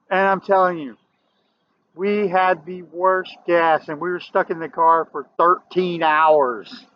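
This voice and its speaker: A man's voice: high voice, fairly even intonation, slow, long pauses. Rambling Southern man, lo-fi audio. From American South. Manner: rambling with restarts, gets loud and emphatic. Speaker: vlogger. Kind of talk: casual storytelling to camera. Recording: dull lo-fi audio.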